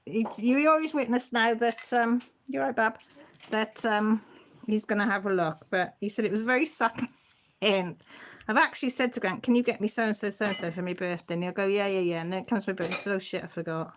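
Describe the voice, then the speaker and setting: A woman's voice: mid-range voice, steady tone, fairly quick, slight background noise. A middle-aged woman, hosting a casual livestream and chatting and teasing as she answers viewer comments. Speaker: channel host.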